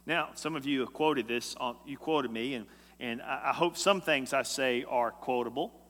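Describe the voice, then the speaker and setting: A man preaching a sermon as a pastor, emphatic and swinging between loud and hushed lines. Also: medium pitch, moderate pace. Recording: echoey hall.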